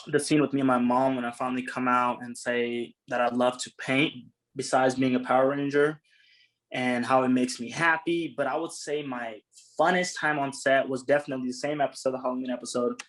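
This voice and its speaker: A man on a panel, talking in a relaxed, thoughtful way over a video call. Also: mid-range voice, low-quality recording. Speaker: actor on a fan convention panel. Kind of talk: casual panel chat.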